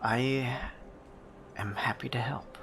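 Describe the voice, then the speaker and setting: A man voicing a sly male jeweler shopkeeper with a gem for an eye, speaking in a hushed, confiding way that often drops to a whisper. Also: mid-range voice, expressive, measured pace, noisy background.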